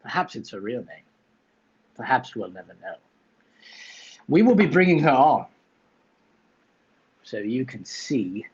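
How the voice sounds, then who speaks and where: Jokey man hosting a livestream, husky. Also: lowish voice, darkish tone, dull audio. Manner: jokey, put-on silly accent, teasing banter. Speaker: livestream host. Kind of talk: playful livestream chat.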